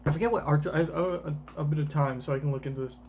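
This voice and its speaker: A man streaming a live manga reaction, rambling, swearing casually and thinking out loud. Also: on the high side, racing, slight background noise.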